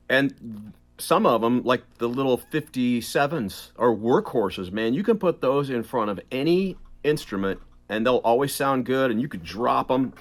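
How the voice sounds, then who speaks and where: A middle-aged man, a voice actor, chatting as an interview guest, animated and quick to laugh, drifting in and out of accents. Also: medium pitch. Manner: animated, laughs often, slips into accents mid-sentence. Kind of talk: casual interview chat.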